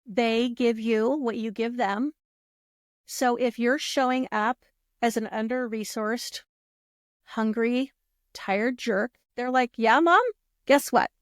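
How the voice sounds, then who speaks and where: A woman guest on a podcast, telling stories in a lively, casual way, acting out what people said and swearing freely. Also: fairly high pitch, slow pace, no room sound, clean studio sound. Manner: animated, acts out quoted voices, swears freely. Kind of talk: casual storytelling.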